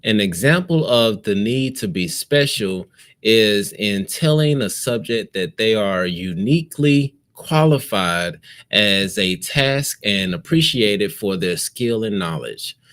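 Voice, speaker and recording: A man co-hosting a casual talk show, reading passages aloud in a measured way and commenting on them. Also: lowish voice, lively intonation, a bit bright. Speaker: podcast co-host.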